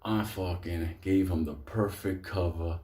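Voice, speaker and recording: A man's voice: low-pitched, unhurried. A man telling a wild personal story in a casual, rambling way, swearing constantly and breaking into laughter. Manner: profane, laughs often; animated, rambling.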